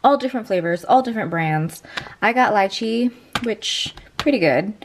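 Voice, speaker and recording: A woman's voice: mid-range voice, expressive, moderate pace. A woman talking to her viewers in a casual vlog, chatty and full of "like" and "um". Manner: chatty, many "like"s and "um"s. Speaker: beauty and lifestyle vlogger. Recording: noisy background.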